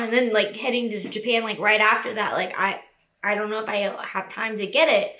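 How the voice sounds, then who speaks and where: A woman's voice: mid-range voice, fairly even intonation, moderate pace, pushed and bright. A young woman crying as she talks through a personal vlog, with lots of "like" fillers. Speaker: vlogger. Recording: echoey room.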